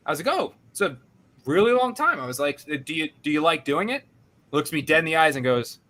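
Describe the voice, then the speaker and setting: A young man hosting a podcast, telling a story in an animated, self-deprecating way and acting out what others said. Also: a little high, normal speed, long pauses. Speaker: podcast host. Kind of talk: casual storytelling.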